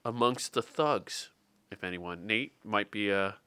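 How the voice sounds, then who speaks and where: A man co-hosting a podcast in relaxed, rambling chat, his voice bright and forceful and pitched a little low. He stumbles and restarts often. The sound is dry, close and direct. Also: measured pace, clean tone, no echo. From Wales. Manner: rambling, hesitant, with many restarts. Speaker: podcast co-host. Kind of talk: casual chat.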